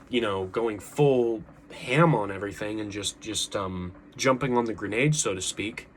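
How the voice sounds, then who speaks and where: A man's voice: lowish voice, fairly bright tone, slight background noise. A young man talking earnestly to camera in a casual monologue, rambling with frequent restarts and fillers. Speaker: vlogger.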